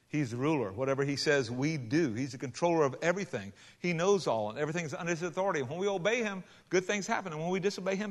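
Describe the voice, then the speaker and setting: Preacher in a reverberant hall. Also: male voice, mid-range voice, creaky. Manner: conversational, many restarts, rising to loud emphatic passages. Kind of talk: sermon storytelling. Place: large hall with a congregation.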